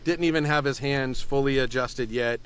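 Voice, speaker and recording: A man's voice: mid-range voice, moderate pace, smooth. A man narrating as game master of a tabletop game, laughing often and telling the action with lots of energy. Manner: laughing, animated storytelling.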